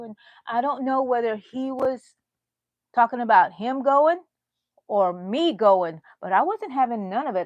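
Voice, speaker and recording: This crochet host in her 60s rambles casually to livestream viewers from her bedroom, her voice a little high, expressive and somewhat slow. The tone is darkish, and the audio is dry and dull.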